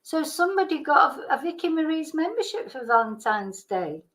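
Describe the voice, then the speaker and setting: A woman with a slightly high voice chats casually on a live stream. She rambles about small everyday things and warmly thanks viewers by name. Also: big pitch swings, moderate pace, low-quality recording. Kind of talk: casual chat.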